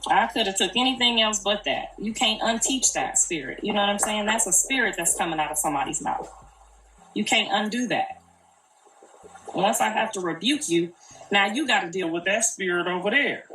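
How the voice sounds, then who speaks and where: A woman's voice: medium pitch, lively intonation, moderate pace, fairly bright tone. An older woman, a grandmother, talking casually and earnestly on a live stream, repeating herself in colloquial speech. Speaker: grandmother speaking on a live video. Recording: echoey, distant, noisy.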